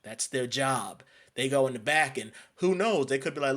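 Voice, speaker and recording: A man's voice: mid-range voice, animated, moderate pace, a bit bright. Emphatic man from New York ranting. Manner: emphatic, repetitive, restarts phrases. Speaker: commentator. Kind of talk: ranting video monologue.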